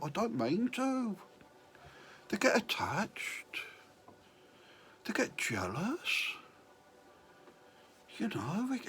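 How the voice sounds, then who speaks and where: A man's voice: fairly high pitch, a little hiss or hum. Rambling man telling a story. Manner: rambling, self-mocking. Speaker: comedian. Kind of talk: confessional storytelling.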